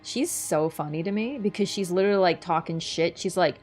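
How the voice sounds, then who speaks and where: A woman's voice: lowish voice, fairly quick, darkish tone, faint music behind. A young woman streaming a video game, chatty and casual, swearing and laughing as she talks. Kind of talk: gaming stream commentary.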